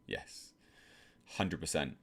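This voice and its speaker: A man with an English accent hosting a live stream, reading chat questions and answering in a measured, soft-spoken way with many fillers. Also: extremely low pitch, big pitch swings, gravelly, breathy edge.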